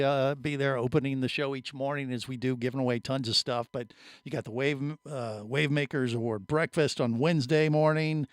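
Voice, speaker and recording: Smooth-voiced jovial male podcast host. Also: medium pitch, no echo, clean studio sound. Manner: jovial, chatty, plugs events. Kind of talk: live podcast hosting.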